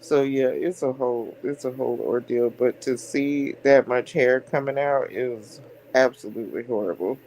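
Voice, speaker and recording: A woman's voice: extremely low pitch, fairly even intonation, moderate pace, darkish tone, slight background noise, low-quality recording. A middle-aged woman, a hairdresser hosting a livestream, chatting candidly and laughing between lines. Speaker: stream host, hairdresser. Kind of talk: casual chat on a livestream.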